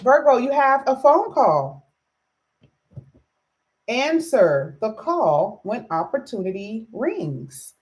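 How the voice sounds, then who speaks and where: A woman's voice: on the high side, big pitch swings, slow pace, long pauses, a little mellow. Just-woke-up lady doing a live tarot stream, chatty, says hi to everyone by name. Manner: chatty, greets viewers by name. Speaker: tarot reader.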